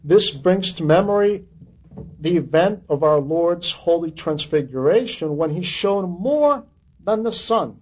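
Slow, husky high-voiced male preacher. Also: animated, highs cut off. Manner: earnest, quotes scripture with rising emphasis. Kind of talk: sermon on scripture.

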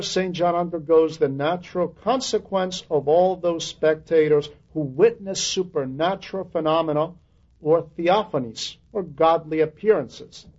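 A man's voice: on the high side, darkish tone, muffled recording. A man preaching a sermon on scripture, earnest, quoting verses with rising emphasis.

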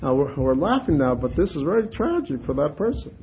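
Animated male preacher telling funny stories. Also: on the high side, brisk, narrow, tinny audio, noisy background. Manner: animated storyteller, laughs at his own anecdotes. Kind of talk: sermon with humorous stories.

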